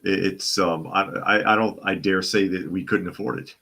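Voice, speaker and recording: A man from the Boston area with a low, deep voice hosts a casual live talk show. He reads out viewer comments and answers them in a loose, conversational way. He often restarts sentences and repeats his own phrases. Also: fairly even intonation, moderate pace, vocal fry, bright, forceful tone, breathy edge.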